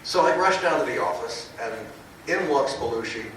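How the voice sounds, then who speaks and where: Older guy spinning stories on a panel, lively, voices the people in them, far from the mic in a big echoey room with noise. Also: medium pitch, normal speed. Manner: lively storyteller, acts out quoted voices. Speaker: comic book writer, panel guest. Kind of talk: convention panel anecdote. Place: large convention panel room.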